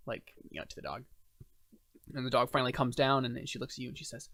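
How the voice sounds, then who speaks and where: A man's voice: mid-range voice, fast talker, creaky, a bit bright, no echo, studio quality. A man narrating a tabletop game as game master, rambling with many fillers.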